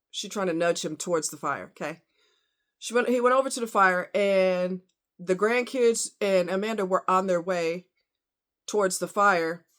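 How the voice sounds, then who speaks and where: A woman hosting a casual true crime vlog, talking bluntly and heatedly to her viewers. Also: fairly low pitch. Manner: blunt, outspoken, fired-up; talks to viewers as y'all and honey.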